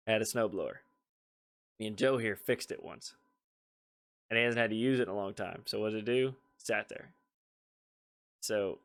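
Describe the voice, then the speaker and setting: Man telling a rambling family story. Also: on the low side. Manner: rambling, amused storytelling with laughs. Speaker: podcast co-host. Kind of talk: casual storytelling chat.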